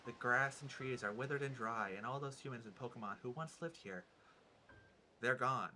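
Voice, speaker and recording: A man's voice: medium pitch, normal speed, over music, close to an everyday voice. A man voicing a courteous, curious Pokemon in quaint, polite phrasing. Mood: solemn. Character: genteel old-fashioned Pokemon, courteous and curious.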